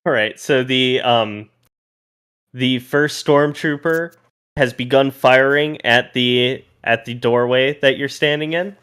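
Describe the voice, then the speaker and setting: A man's voice: mid-range voice, slow pace, fairly bright tone, clear, resonant tone. A man narrating a tabletop role-playing game as game master, in a casual, loose way that thinks aloud.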